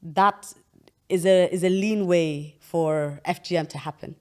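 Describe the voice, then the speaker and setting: A woman's voice: lowish voice, a little slow, smooth. A young woman hosting an interview, explaining at length in an earnest, casual way with frequent restarts. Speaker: podcast host.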